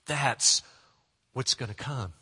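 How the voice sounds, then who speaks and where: A man's voice: medium pitch, slightly rough. Emphatic male preacher in a reverberant hall. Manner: earnest, slow and emphatic, dropping to hushed prayerful tones. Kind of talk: sermon.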